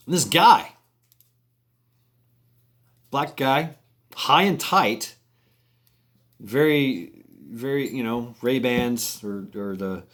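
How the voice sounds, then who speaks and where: A man's voice: medium pitch, fairly bright tone. A man telling a long story in a casual, rambling way, with many restarts and chuckles.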